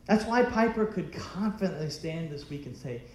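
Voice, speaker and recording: A man's voice: on the high side, lively intonation, moderate pace, roomy sound, slight background noise. A man preaching a sermon as pastor, emphatic and full of rhetorical questions.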